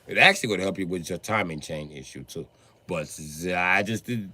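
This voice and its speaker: A man on a livestream who rants about cars in a profane, excitable way, now and then bursting into a shout. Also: low-pitched, normal speed. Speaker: livestreamer and car mechanic. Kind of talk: profane ranting livestream chat.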